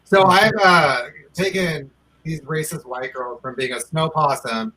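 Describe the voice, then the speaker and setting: A man's voice: on the high side, unhurried, pushed and bright, low-quality recording. A man from Southern California chatting on a livestream in a blunt, profane, outspoken way. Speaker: livestream guest. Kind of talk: casual chat.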